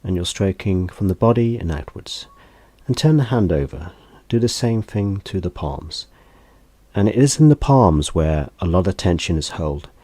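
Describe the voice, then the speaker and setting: A man teaching a gentle hand massage, speaking in a soft, unhurried, calm instructional way. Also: deep voice, no room sound.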